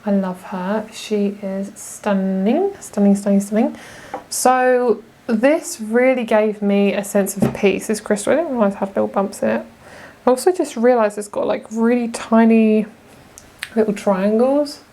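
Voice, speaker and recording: Woman, young adult, tarot reader, casual chat, gushing, mid-pitched. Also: unhurried, dark tone, slight background noise. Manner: chatty and gushing, laughs often. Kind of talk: casual pick-a-card reading.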